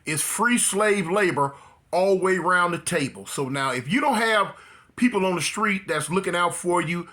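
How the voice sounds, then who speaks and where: A man's voice: sits high, animated, moderate pace, sharp tone. A man telling a prison story casually to his viewers, breaking into laughter often and using loose slang. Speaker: storyteller vlogger.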